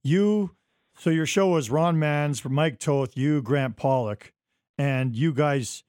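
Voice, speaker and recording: A male podcast host with a somewhat high voice prompts his guest and laughs at the stories. He sounds dry and close, with no room around him. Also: slow pace, darkish tone, dry recording. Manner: laughing reactions, prompting questions. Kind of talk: casual interview.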